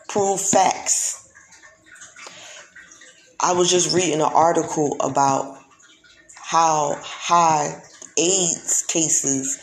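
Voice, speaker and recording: Slow, gravelly woman ranting in an echoey room. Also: low voice, slight background noise. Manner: emphatic, preachy, repeats herself. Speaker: vlogger. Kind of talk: casual monologue.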